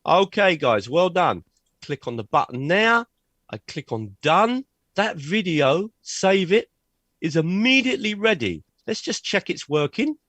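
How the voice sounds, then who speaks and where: A man leading a live online teaching workshop and demonstrating software on a video call, checking in with "okay?" as he goes. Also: high voice, measured pace, no echo. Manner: energetic, frequent "okay?" check-ins. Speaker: teacher trainer. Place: at a computer sharing his screen.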